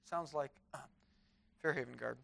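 A man's voice: mid-range voice, moderate pace, creaky, a bit bright. A man preaching a sermon in a chapel, reading scripture aloud with fervor.

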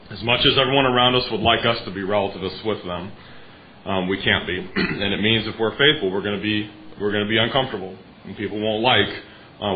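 A man preaching a sermon in an earnest, emphatic way, now and then clearing his throat. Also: fairly low pitch, dull audio, a little hiss or hum.

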